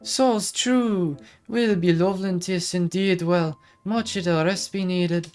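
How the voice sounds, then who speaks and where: A woman's voice: lowish voice, takes it slowly, darkish tone, soft background music, pitched above the performer's own voice. A woman voicing a mysterious wandering magic woman with a put-on Irish-type lilt and garbled, old-timey phrasing.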